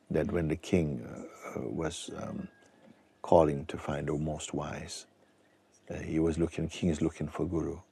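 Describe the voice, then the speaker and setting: A man giving a spiritual talk to an audience, speaking slowly and reflectively with pauses and restarts. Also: very deep voice, vocal fry, mellow, husky. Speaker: spiritual teacher.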